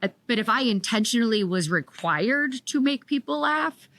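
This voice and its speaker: A woman hosting a podcast interview, asking her questions in a measured, unhurried way. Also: fairly high pitch, lively intonation, fairly bright tone, no echo. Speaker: podcast host.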